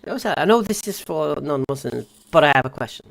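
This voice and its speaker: Gravelly-voiced man hosting a casual stream. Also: fairly high pitch, animated, fairly quick, a bit bright. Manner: easygoing, hesitant, lots of fillers. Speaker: host. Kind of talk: casual live-stream chat.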